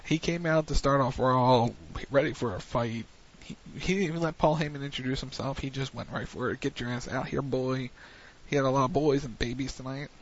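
A man's voice: medium pitch, a little fast, slight background noise. A man hosting a wrestling recap show on internet radio, chatting casually and rambling with lots of fillers. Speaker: wrestling podcast host. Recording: muffled lo-fi radio stream.

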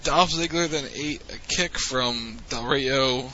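A man hosting a casual wrestling recap podcast, relaxed and teasing, recounting matches play by play. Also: medium pitch, slow pace, lo-fi sound, slight background noise. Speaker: podcast host.

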